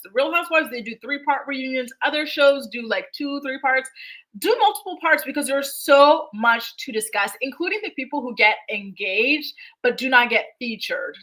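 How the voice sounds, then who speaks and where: A woman's voice: fairly high pitch, pushed and bright, low-quality recording. A young adult woman hosting a casual livestream, chatting dramatically and reading viewer comments aloud. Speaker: host.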